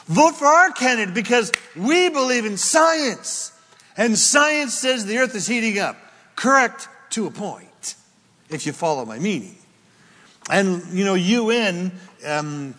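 Christian talk host, male, high-pitched, chatty and digressive, reverberant sound. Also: a bit bright. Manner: rambling, jokey asides, self-interrupting. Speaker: Christian radio or podcast host. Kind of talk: casual opinionated monologue.

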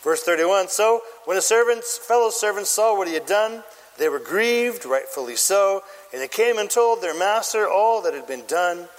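Animated preacher with a high, lively voice. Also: male voice, moderate pace, big-room sound, low-quality recording. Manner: animated storytelling, acts out scenes. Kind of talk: sermon.

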